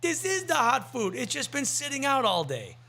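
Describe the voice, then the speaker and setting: A man voicing a cheerful male restaurant promoter in a broad Korean accent, with high exaggerated sing-song delivery. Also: huge pitch swings, normal speed, vocal fry, pushed and bright, exaggerated voice. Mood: cheerfully insistent.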